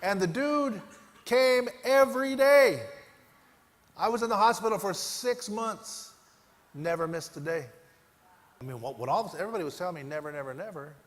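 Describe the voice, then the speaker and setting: A man giving a motivational keynote, telling a personal story and swinging between loud bursts and hushed moments. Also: high-pitched, lively intonation, moderate pace, long pauses. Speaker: keynote speaker. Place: large conference hall. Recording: echoey hall, faint ambience.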